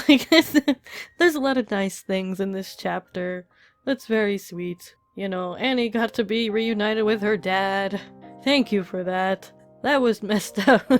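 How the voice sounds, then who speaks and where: A woman giving a casual, emotional spoken review of a manga chapter, laughing often and gushing, with many fillers. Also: medium pitch. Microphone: desk mic while reading.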